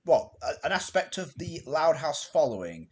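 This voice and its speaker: A man's voice: on the high side, very animated, moderate pace, slightly rough. A man hosting a casual podcast chat, hesitant, with many fillers and restarts. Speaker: podcast host.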